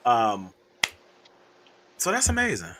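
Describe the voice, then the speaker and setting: A man hosting a casual livestream chat, animated and laughing, calling out viewers' names. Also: medium pitch, slow, slight background noise. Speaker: livestream host.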